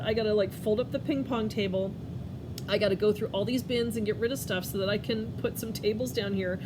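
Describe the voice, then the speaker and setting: Rambling, tearful woman vlogging at home. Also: moderate pace. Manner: rambling, scattered, laughs through tears. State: tearful, emotional. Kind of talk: casual talking-to-camera life update. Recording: clear background noise, furnace rumble.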